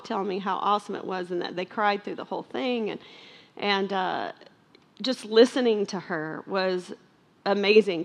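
Emotional woman giving church testimony. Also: mid-range voice. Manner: heartfelt, halting, many fillers and restarts. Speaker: speaker sharing testimony at a church.

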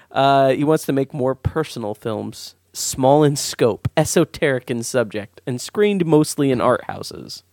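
A man hosting a casual podcast chat, animated and rambling, quick to laugh and swear. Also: a little high, no room sound, clean studio sound. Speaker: podcast host.

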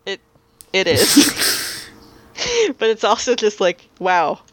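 A woman's voice: medium pitch, takes it slowly, dry recording. Chatty swearing woman podcast host. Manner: chatty, swearing, full of fillers and laughs. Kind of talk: casual recap chat.

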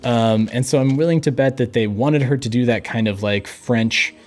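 A man's voice: medium pitch, moderate pace, a little mellow. A man co-hosting a podcast in casual chat, hesitant and filled with ums. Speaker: podcast co-host.

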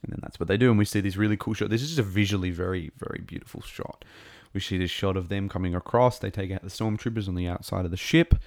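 A man's voice: sits low, fast talker, hardly any pauses, a little mellow, dry recording. A man recapping a show episode in a casual, rambling and enthusiastic way, with lots of ums and restarts. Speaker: show reviewer.

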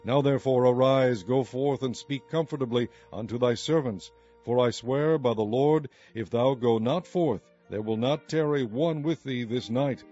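A man's voice: mid-range voice, dark tone, lightly acted. A man voicing a stern army captain who sternly rebukes his king. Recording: muffled recording with faint music.

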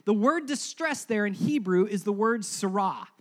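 Animated man preaching a sermon. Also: normal speed. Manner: animated preaching, swings between loud emphasis and hushed lows; conversational, asks the congregation to repeat words. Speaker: pastor. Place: church before a congregation.

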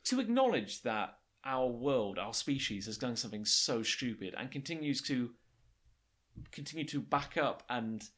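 Animated halting man in casual chat. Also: medium pitch. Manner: animated, halting, many likes. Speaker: podcast co-host.

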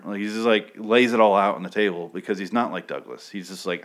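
Low-voiced man rambling through a recap. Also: brisk, fairly bright tone. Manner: rambling, profane, self-correcting. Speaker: TV episode recapper. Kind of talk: casual spoken recap.

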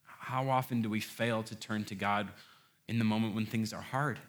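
A man preaching a sermon, emphatic and building to loud rhetorical questions, often repeating words as he starts a phrase. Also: fairly low pitch, fairly even intonation, normal speed.

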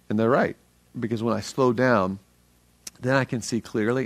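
A middle-aged man preaching a sermon as a pastor, energetic and earnest, speaking conversationally with frequent restarts. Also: mid-range voice, normal speed, long pauses, no room sound.

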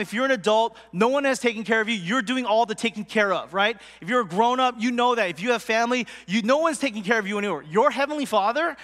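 A man's voice: high-pitched, fairly bright tone, in a large hall. A man preaching a casual sermon as a pastor, earnest and conversational, with lots of "like" and "right?".

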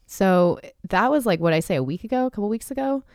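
A woman's voice: medium pitch, animated, fast, darkish tone, no room sound, clean studio sound. A woman in her thirties hosting a casual chat, talking candidly with frequent swearing and laughter. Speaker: podcast host.

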